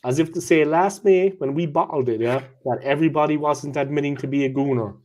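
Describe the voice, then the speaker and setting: A man, co-hosting a casual football chat and telling lively stories, often checking in with "yeah?". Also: on the high side, fairly quick. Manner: animated anecdote teller, checks in with "yeah?". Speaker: co-host.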